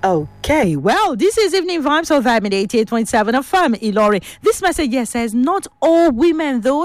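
A woman with a Nigerian accent hosting a call-in radio show, reading listener messages aloud in a lively, exclamatory way and laughing often. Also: sits high, moderate pace, hardly any pauses, no room sound.

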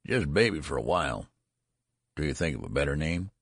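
A man's voice: extremely low pitch, sing-song, a little fast, husky, no echo, clean studio sound, full character voice. Man doing a flustered, stammering father. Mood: stern. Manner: nervous, stammering. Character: flustered, harried new father, nervous and stern.

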